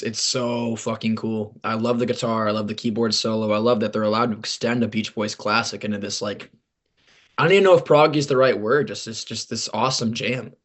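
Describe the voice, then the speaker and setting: A man's voice: medium pitch, a bit bright. A young man co-hosting a music podcast, chatting casually with enthusiasm and the odd swear word. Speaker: podcast co-host. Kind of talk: casual chat.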